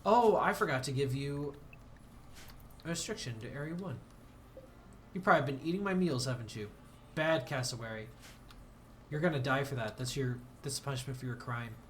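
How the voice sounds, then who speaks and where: A man's voice: medium pitch, normal speed, pauses often, slight background noise. A man streaming a game, chatting casually and rambling, self-deprecating, with bursts of mock outrage. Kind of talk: casual game livestream commentary.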